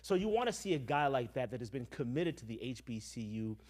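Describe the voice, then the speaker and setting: A man's voice: mid-range voice, very animated, a little mellow. A man on a sports commentary stream, talking casually and laying out team records and background. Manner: measured, explains with stats and history. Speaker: football commentator.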